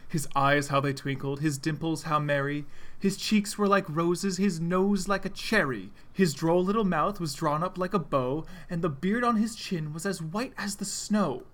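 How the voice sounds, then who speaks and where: A man reading a fan story aloud in a steady, plain way. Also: a little high, moderate pace. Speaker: reader.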